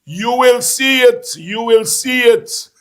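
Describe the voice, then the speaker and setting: A man hosting a casual talk show, animated and laughing, repeating phrases for emphasis. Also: very high voice, slow pace. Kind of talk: casual call-in political chat.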